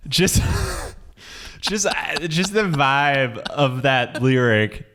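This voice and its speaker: A man's voice: medium pitch, expressive, measured pace, fairly bright tone. A man co-hosting a podcast, joking and riffing in casual chat about song lyrics. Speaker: podcast co-host.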